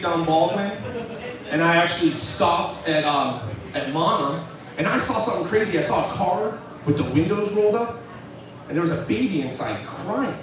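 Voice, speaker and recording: A man performing a stand-up comedy set at a club, telling dark jokes in a deadpan way with laughing asides. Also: high-pitched. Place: comedy club stage with live crowd. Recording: echoey live room from far off with crowd.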